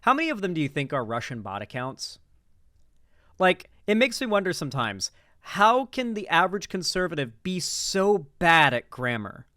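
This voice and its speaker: A man's voice: on the high side, sing-song, normal speed, pushed and bright, no room sound, studio quality. A young man hosting political reaction commentary, talking in a sarcastic, rambling way.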